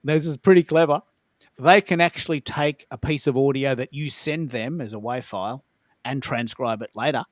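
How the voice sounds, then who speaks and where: A man co-hosting a casual podcast chat, telling stories in an animated, emphatic way. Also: mid-range voice, no room sound, clean studio sound. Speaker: co-host.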